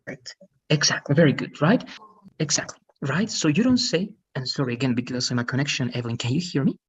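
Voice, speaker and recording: A man's voice: medium pitch, a little fast, dull audio, slight background noise. A man teaching an online English lesson, patiently explaining and often checking with "right?". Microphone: video call.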